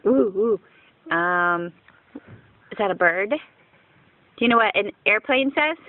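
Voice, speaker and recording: A woman filming her small children at home, asking slow, encouraging questions in coaxing baby talk. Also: medium pitch, animated, dry recording. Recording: tinny, phone-like home video.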